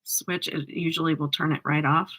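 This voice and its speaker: Bright-voiced chatty woman. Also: low voice, steady tone, normal speed. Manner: chatty, laughs often, teasing. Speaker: makeup vlogger. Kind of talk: casual chat with live viewers.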